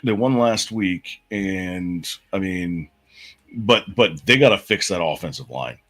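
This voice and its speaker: Man, deep voice, sports podcast co-host, relaxed, casual picks chat. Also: slow pace. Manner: relaxed, runs through game picks, stumbles and restarts.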